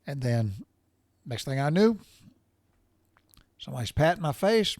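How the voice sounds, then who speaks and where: Recorded in studio quality with no echo, a middle-aged podcast storyteller recovering from recent surgery spins a folksy, profane tale, rambling and restarting as he goes. His voice is a little high and a little mellow, with big pitch swings and an unhurried pace.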